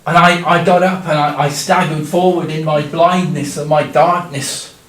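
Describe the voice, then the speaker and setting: A man telling a Bible story in the first person in a church, dramatic, swinging from loud cries to hushed tones. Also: a little high, fairly even intonation, moderate pace. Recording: echoey church room, distant mic.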